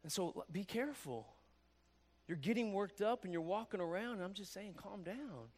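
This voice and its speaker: A man preaching a sermon in a conversational, animated way, acting out quoted voices as he goes. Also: high voice, moderate pace. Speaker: pastor.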